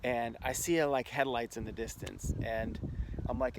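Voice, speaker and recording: A man's voice: medium pitch, normal speed. A man hosting a casual vlog, telling an anecdote in a chatty way and laughing often as he goes. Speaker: host. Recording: noticeable background noise.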